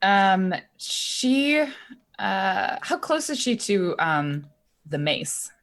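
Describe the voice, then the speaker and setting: A woman's voice: medium pitch, very animated, drawn-out words, fairly bright tone. Tentative woman at a tabletop game. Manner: tentative, with many fillers. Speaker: player. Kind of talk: casual tabletop play.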